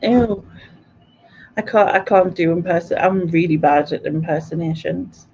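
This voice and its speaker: Slow, chatty British woman on a stream. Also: lowish voice, a little mellow, slightly rough. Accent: British English. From Britain. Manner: chatty, laughs often, answers viewers' comments. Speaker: quiz host. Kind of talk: casual live-stream chat. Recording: dull lo-fi stream audio.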